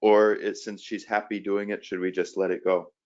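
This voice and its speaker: A man's voice: lowish voice, level tone, normal speed, darkish tone. Hesitant father calling in; lo-fi video call sound. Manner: hesitant, with restarts and fillers. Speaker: parent asking a question. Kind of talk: asking a question on a webinar. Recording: dull lo-fi video call audio.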